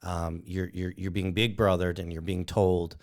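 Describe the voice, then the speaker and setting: Deep-voiced man co-hosting a podcast. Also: little pitch movement, normal speed. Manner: earnest, advocating, many fillers. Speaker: podcast co-host. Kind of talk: casual chat.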